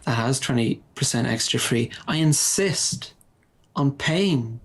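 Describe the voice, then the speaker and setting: A man co-hosting a podcast, talking in a deadpan, mock-earnest sarcastic way with theatrical sighs. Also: mid-range voice, slow pace. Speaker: podcast co-host. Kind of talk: sarcastic comedic chat.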